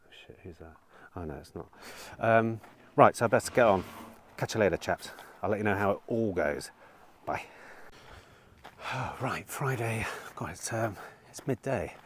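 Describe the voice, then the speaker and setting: A deep-voiced man talking to camera about his day as a car dealer. He rambles casually, swears freely and tells stories with a dry, sarcastic edge. A faint hiss of noise sits under the recording. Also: expressive, measured pace, long pauses. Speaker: used car dealer vlogger. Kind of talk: casual vlog monologue.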